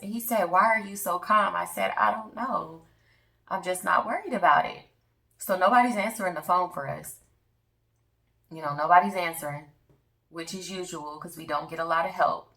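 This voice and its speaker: A woman in her thirties recounts a personal testimony to her viewers in an earnest, emphatic way. Her voice is fairly low and gravelly, with a bright edge. She sits a little back from the microphone. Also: moderate pace, reverberant, far from the mic, low-quality recording. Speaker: vlogger.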